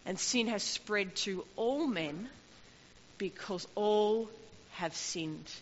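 A woman's voice: medium pitch, takes it slowly, a little hiss or hum. Woman preaching in an echoing hall. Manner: impassioned, rising and falling emphasis. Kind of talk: sermon. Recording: long hall reverb, dull lo-fi sound.

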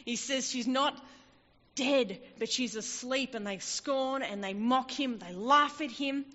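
Animated woman preaching in a hall. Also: high voice, slow pace. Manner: animated storytelling, acting out voices in scripture. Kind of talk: sermon. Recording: dull, echoey hall.

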